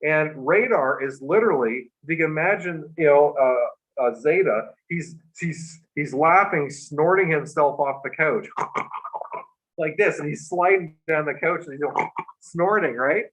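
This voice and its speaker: A man, a guest on a livestream talk show, telling a personal story in a halting, earnest way with many restarts, over a video call. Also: fairly high pitch, fairly bright tone. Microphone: remote video call. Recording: muffled livestream audio.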